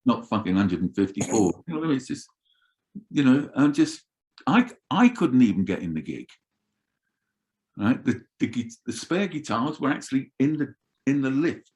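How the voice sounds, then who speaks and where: An older man telling roadie stories in an animated, swearing way as an interview guest. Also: medium pitch, normal speed. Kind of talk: casual storytelling.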